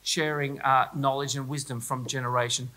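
An Australian man speaks at a conference keynote, his voice bright and forward. He jokes with the audience and pokes fun at himself in a loose, chatty way. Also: medium pitch, little pitch movement, normal speed, poor audio. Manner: playful, self-mocking, chatty with the audience. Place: school hall, live audience.

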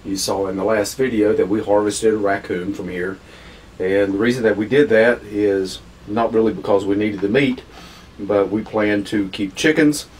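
A lowish-voiced man talks through his everyday survival gear in a relaxed vlog, pausing often and chewing between phrases. He sounds set back from the microphone, with a faint hiss of background noise. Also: recorded from a distance, rough recording. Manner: unhurried, practical, with frequent uh fillers and pauses. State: talking while chewing food. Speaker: survival channel host. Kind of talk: casual explanatory vlog talk.

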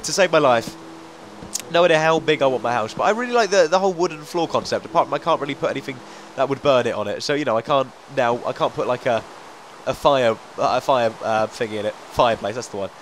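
A young man with a blocked nose, rambling excitedly through let's-play game commentary. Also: medium pitch, fast talker, a little hiss or hum. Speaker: gaming video host.

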